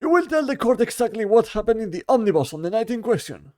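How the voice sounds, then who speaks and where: Man doing a slow pompous old judge. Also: high-pitched, sing-song, mellow, pitched above the performer's own voice. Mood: stern. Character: stern elderly male courtroom judge.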